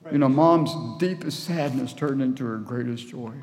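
A man's voice: mid-range voice, moderate pace, darkish tone. Guy preaching a sermon, earnest, long church reverb, mid voice. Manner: earnest, acts out voices in the story. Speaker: guest preacher. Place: church hall.

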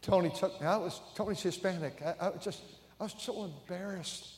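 A man's voice: sits high, fairly quick. A man in his seventies with an American accent, preaching a sermon as pastor and telling a story with stammering repeats. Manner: storytelling, stammering repeats, acts out quoted voices. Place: large church sanctuary. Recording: echoey church hall reverb.

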